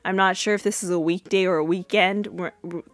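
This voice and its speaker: A woman in her twenties hosting a podcast, retelling a TV episode in a chatty, animated way with many fillers. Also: fairly low pitch, fairly quick, dry recording, soft background music. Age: 20s. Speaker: podcast host. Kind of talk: casual episode recap.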